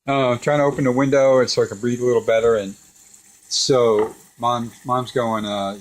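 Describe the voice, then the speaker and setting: A man's voice: mid-range voice, brisk. A middle-aged man cooking at home with his son, chatting casually and telling a story with lots of laughs. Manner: chatty, animated storyteller who laughs often. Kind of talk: casual kitchen chat. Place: home kitchen beside a deep fryer.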